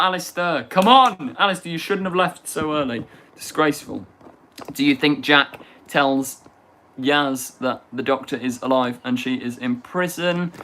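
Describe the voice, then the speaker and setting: Young man, casual chat host, high-ish bright voice, excitable, faint hiss. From England. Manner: chatty and excitable, bursts into shouted impressions. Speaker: livestream host.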